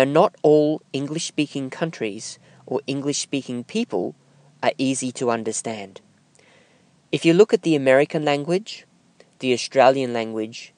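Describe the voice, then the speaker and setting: A man teaching voiceover technique, speaking slowly and deliberately with emphatic pauses. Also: mid-range voice, no room sound. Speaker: voiceover instructor. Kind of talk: instructional talk to camera.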